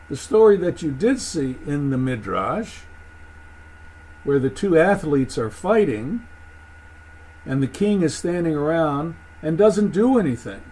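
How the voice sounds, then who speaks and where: A man giving a thoughtful lecture on Jewish texts, halting and restarting as he explains. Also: a little high, very animated, a little mellow, poor audio. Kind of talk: recorded lecture.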